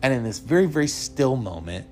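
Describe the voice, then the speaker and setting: A man's voice: medium pitch, very animated, brisk, faint music behind. A young man hosting a podcast, telling a personal story earnestly and laughing now and then. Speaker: podcast host.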